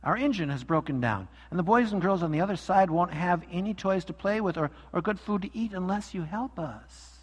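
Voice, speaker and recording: A man voicing a tiny storybook toy clown who begs earnestly for help. The voice lifts higher and softer than a preacher's, and the sound rings in a long-echo hall. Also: expressive, fairly quick, few pauses, slightly rough. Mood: pleading. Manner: earnest, pleading. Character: little toy clown, small and pleading.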